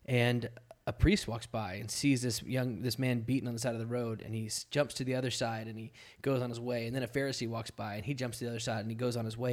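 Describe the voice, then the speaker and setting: Casting: male pastor, mid-range voice, relaxed podcast chat, playful streak. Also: mid-range voice. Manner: playful, slips into goofy put-on accents.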